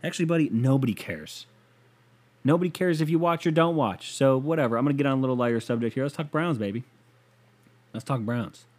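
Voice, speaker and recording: A man's voice: mid-range voice, fairly quick. A man hosting a casual, comedic rant show, talking in a profane, sarcastic and rambling way.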